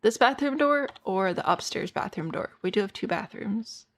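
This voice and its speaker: A tired woman with a hoarse voice, chatting casually to her viewers as a streamer while she plays a game and thinks aloud. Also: mid-range voice, expressive, moderate pace. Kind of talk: casual gameplay chat.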